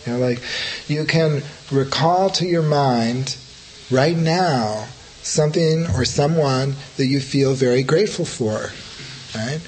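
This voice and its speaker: A man's voice: mid-range voice, slow, darkish tone, slight background noise, poor audio. A middle-aged man, a Buddhist teacher, giving an informal dharma talk in a loose, conversational way, full of fillers and restarts. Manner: rambling, conversational, full of "you know, like" fillers.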